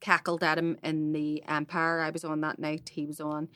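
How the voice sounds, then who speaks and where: A woman hosts a casual podcast chat, telling animated stories and swearing freely. Her voice sits fairly low for a woman but has a bright, forceful edge. The sound is dry and close. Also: normal speed, no echo. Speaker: podcast host.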